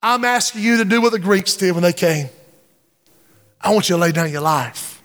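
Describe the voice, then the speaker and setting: A middle-aged man preaching a sermon in a large church, swinging from low, intense passages to loud, impassioned cries. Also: animated, moderate pace, pauses often. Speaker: pastor. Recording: church hall with long reverb.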